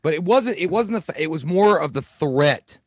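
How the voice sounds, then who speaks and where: A man co-hosting a podcast, telling animated, profanity-laced stories in casual chat. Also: on the high side, normal speed, no room sound. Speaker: podcast co-host.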